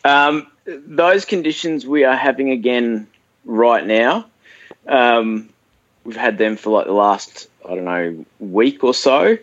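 A man with an Australian accent, a guest runner telling race stories in a relaxed way with fillers. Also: medium pitch, slow pace, dry recording, lo-fi sound. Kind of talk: casual phone chat.

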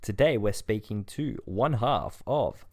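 Low-voiced, lively joking male host. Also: slow. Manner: dry, joking, laughs easily. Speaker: podcast host. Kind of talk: casual interview chat.

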